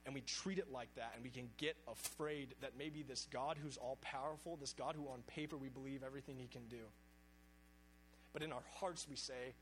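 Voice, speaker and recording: A man's voice: medium pitch, brisk, a bit bright, slight background noise, low-quality recording. A man preaching a sermon, speaking earnestly and reading scripture aloud with emphasis.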